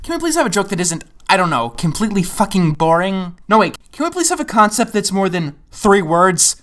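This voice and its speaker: A man's voice: high voice, big pitch swings, a little fast, hardly any pauses, fairly bright tone. A man narrating a comedic cartoon review in a sarcastic, ranting, profane way. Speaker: animation reviewer.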